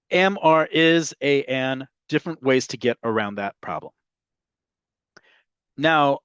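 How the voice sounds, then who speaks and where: A man teaching a language lesson from slides, often checking in with his listeners and pushing key words up in pitch and volume. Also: no room sound. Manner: checks in often with "right?" and "okay?"; stresses words with sudden jumps in pitch and loudness. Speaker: Hebrew teacher. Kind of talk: slide lecture. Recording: dull, dry lo-fi recording.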